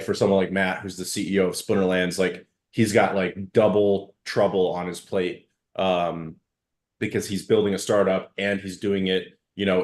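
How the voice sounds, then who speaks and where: A man hosting a casual live audio chat and talking at length in loose, meandering explanations as a startup founder. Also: low voice.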